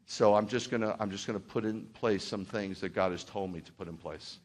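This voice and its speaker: Man, pastor, sermon, heartfelt and rambling, rises to fervent, lowish voice. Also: fairly quick.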